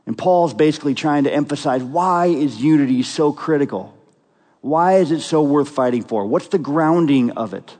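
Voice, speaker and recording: A man delivers a sermon as pastor, his voice sitting a little high for a man. He speaks earnestly and emphatically, pressing his points with rhetorical questions. His words ring out with a long reverb, as in a large hall. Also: moderate pace, a little mellow.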